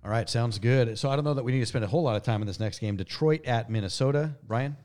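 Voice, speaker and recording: A man's voice: mid-range voice, darkish tone. A man hosting a casual sports show, reading off stats and handing the floor to co-hosts. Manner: brisk, stat-heavy, moves the show along. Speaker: sports podcast host. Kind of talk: casual sports chat, running the segment.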